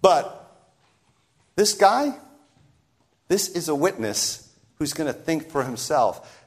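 A male preacher in full sermon, his voice sitting high for a man and swinging widely up and down. He speaks straight to his listeners and slips into the voices of the people in the story he tells. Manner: animated, sweeping pitch and loudness, acts out quoted voices.

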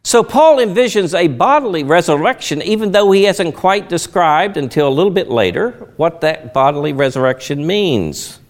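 Middle-aged guy preaching, pitch swoops way up and down, keeps asking questions then answering em, a bit higher voice. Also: moderate pace, hardly any pauses. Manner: lively, teaching tone with rhetorical questions. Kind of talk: sermon.

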